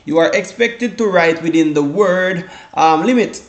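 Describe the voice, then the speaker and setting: A man's voice: sits high, unhurried. A man from the Caribbean giving a casual exam-prep lesson, rambling with many restarts and fillers, often saying "guys" and "all right". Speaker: exam tutor. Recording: echoey room.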